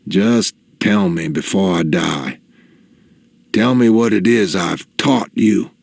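A man voicing his dying elderly father, who speaks slowly and shakily, gruff and teasing yet worried for his son. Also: low-pitched, a little mellow, no room sound, full character voice. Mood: pleading. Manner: slow, shaky, halting delivery.

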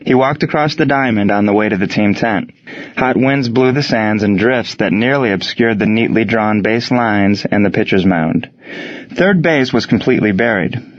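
A man reading a story aloud in a steady, measured narration. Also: on the low side, lo-fi sound. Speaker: audiobook narrator.

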